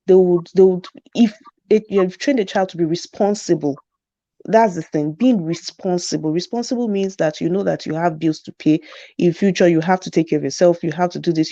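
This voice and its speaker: This is a middle-aged woman who speaks earnestly and with emphasis, and she laughs easily. Her voice is mellow and sits fairly low. The recording is dry and dull. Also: dry recording. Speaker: guest. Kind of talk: casual conversation.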